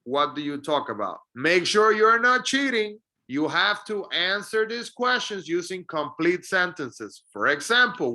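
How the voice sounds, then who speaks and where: Bright, slow-speaking man teaching English. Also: on the high side. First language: Spanish. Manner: slow, patient drilling of example sentences. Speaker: ESL teacher. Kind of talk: recorded English lesson.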